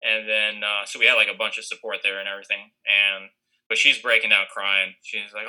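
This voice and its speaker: Bright-voiced young man telling a story. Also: fairly low pitch, flat delivery, fairly quick, poor audio. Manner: rambling, many fillers and restarts, acts out quoted lines. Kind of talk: casual storytelling.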